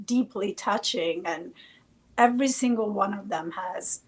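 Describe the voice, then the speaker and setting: A woman's voice: medium pitch, measured pace, husky, low-quality recording. A woman co-hosting a casual chat, playful and teasing, laughing often. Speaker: podcast co-host.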